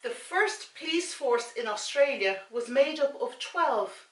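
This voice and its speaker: A woman's voice: high-pitched, expressive, a little slow, few pauses, fairly bright tone. An Irish woman hosting her own vlog, chatting casually and a little scatterbrained while reading snack labels aloud. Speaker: vlogger and mother. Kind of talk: casual snack-tasting chat. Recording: echoey room, camera set far off.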